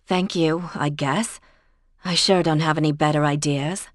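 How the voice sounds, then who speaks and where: A woman voicing a blunt, rattled young woman with sharp, exasperated retorts. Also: deep voice, fairly even intonation, unhurried, no room sound, clean studio sound. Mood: tired.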